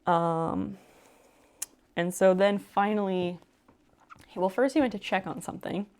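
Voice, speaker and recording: A woman's voice: mid-range voice, a little slow, darkish tone. A woman streamer telling a long story in casual chat, with lots of fillers and casual swearing. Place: home room while sewing on a live stream.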